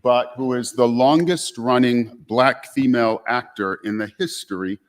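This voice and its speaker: A man giving a keynote address at a college convocation, opening in a measured, courteous way with thanks and acknowledgments. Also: mid-range voice. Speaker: keynote speaker. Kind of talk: formal speech remarks.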